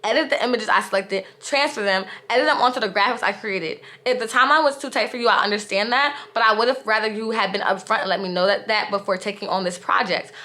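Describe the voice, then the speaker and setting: A young woman recounts her story to the camera in a candid, exasperated vlog voice. Her tone is bright and clear, pitched in an ordinary middle range. She talks casually, leaning on "like" as she goes. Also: fast talker, hardly any pauses. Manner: candid, exasperated retelling with frequent "like". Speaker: vlogger.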